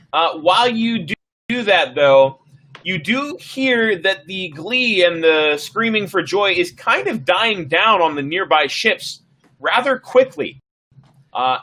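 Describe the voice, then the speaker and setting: Bright-voiced easygoing game master. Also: male voice, sits high, poor audio. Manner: easygoing, filler-heavy narration. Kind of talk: narrating a tabletop game over an online stream.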